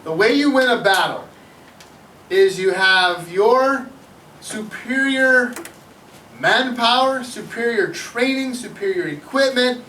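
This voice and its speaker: A middle-aged male teacher giving a classroom history lecture, animated, often putting questions to his students. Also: extremely high pitch, takes it slowly, slight background noise. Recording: echoey classroom from far off.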